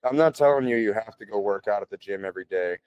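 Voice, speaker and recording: Man, podcast guest, low voice, dry close sound, casual chatty storytelling, frequent throat clearing. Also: quick pace, dry recording, muffled recording. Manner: relaxed, chatty, frequent "like" and "you know".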